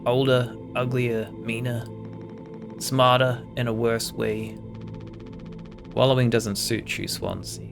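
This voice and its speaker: A man's voice: mid-range voice, flat delivery, takes it slowly, creaky, long pauses. A man reading a video game's lines aloud in character, voicing a bitter man who taunts a drunk captain in an improvised, vague non-American accent with an intense, mocking drawl. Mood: sneering. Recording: game music playing behind. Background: game music.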